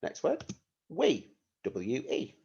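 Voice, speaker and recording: A male primary teacher leads a recorded phonics lesson at a slow, patient pace, his fairly low voice swinging up and down in a lively sing-song. The sound is a little dull and lo-fi. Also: gravelly, breathy edge. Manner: patient, sing-song, spells words letter by letter.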